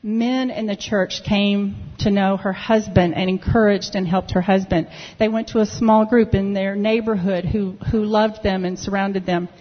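A woman telling a lively story in church, acting out the people she quotes. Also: medium pitch, normal speed, hardly any pauses. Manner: lively, animated retelling with quoted dialogue. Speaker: church member sharing a testimony. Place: church sanctuary. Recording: dull audio with long hall reverb.

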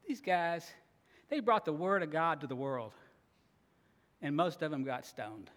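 A man preaching a sermon, earnest and expressive, now and then acting out grumbling voices. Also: a little high, slow. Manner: earnest, acts out grumbling voices, laughs at times. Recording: long reverb of a large hall.

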